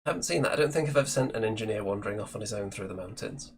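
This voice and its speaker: A man hosting a casual hobby chat show, talking in a relaxed, chatty way and thinking aloud. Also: fairly low pitch, racing, gravelly, crowd noise. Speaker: show host.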